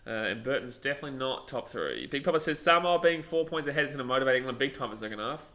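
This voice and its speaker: An excitable young Australian man, a streamer, gives blunt and crude live commentary while watching a match, reacting loudly to the plays. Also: medium pitch, fast talker.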